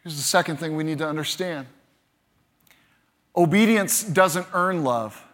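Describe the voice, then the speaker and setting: A man with a high voice preaches from the pulpit. His delivery is animated, and he acts out the voices he quotes. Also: measured pace. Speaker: pastor. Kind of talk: sermon.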